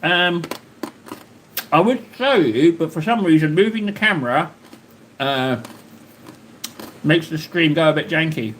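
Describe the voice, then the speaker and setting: A man with a fairly high voice that swoops up and down, chatting to his live-stream viewers. He rambles, jokes and talks straight to the chat, and a faint hiss sits under his voice. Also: lively intonation, a little slow, long pauses, a bit bright. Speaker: livestream host.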